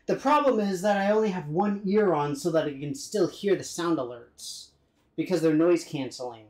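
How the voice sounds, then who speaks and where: A man's voice: on the high side, lively intonation, moderate pace, darkish tone, echoey room, low-quality recording. A man streaming a video game live, talking through it in a chatty, rambling, self-deprecating way and now and then trying out playful put-on accents. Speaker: gaming streamer. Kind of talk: live-streamed gameplay commentary.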